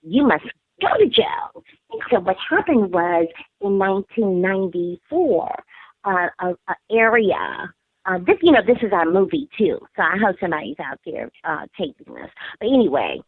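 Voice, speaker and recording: A middle-aged woman, a hair braider, calls in to an interview and tells her story with emphatic, animated energy, acting out the voices of the people involved. Her voice sits at a middle pitch and comes through a tinny telephone line with a dry, close sound. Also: moderate pace, husky, no echo. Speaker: guest, hair braider and school founder.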